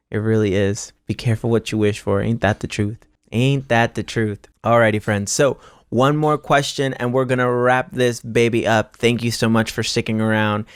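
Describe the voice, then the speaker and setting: A man's voice: mid-range voice, dry recording, studio quality. A man hosting an astrology channel, giving a casual spiritual pep talk to viewers, emphatic and repetitive, with restarts and casual swearing.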